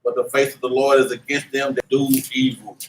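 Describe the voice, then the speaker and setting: A man teaching a religious class in an animated, preachy way, with lots of slang and repeated "man". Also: medium pitch, brisk. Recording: echoey room, mic at a distance, faint noise.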